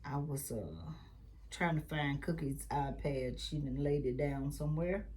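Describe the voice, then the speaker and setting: Low-voiced woman chatting while sewing. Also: lively intonation, a little slow, slight background noise. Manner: chatty, rambling family stories, soft muttered asides. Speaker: quilting channel host. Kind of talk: casual chat during a sewing tutorial.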